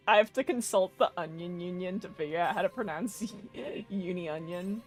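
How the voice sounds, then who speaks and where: A woman's voice: lowish voice, expressive, normal speed, soft background music. A young woman giving casual, rambling commentary while streaming a game, swearing and laughing often.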